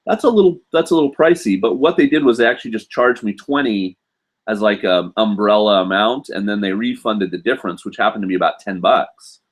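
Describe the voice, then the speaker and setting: Man, low voice, casual live-stream host, rambling with ums and restarts, webcam at home. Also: a little fast. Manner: rambling, many fillers and restarts.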